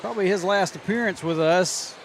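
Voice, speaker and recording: A man's voice: high-pitched, fairly quick. A man co-hosting a local basketball stream, chatting loosely with fillers between plays. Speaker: color commentator and stream host. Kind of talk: casual broadcast chat. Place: high school gym. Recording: gym noise clearly behind.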